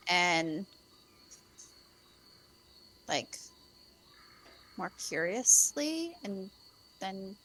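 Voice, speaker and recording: A woman's voice: mid-range voice, sing-song, extremely slow, long pauses, a bit bright. A woman playing a tabletop game, describing her character's actions hesitantly with many fillers. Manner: hesitant, lots of ums and likes. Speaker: player. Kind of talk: casual tabletop play.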